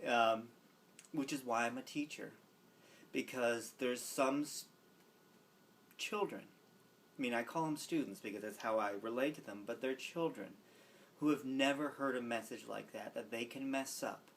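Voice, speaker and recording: A young man, a student teacher, earnestly recounting a personal story, dropping softly into gentle quoted lines. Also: medium pitch, a little slow, a little hiss or hum. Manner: earnest, reflective, with soft quoted asides.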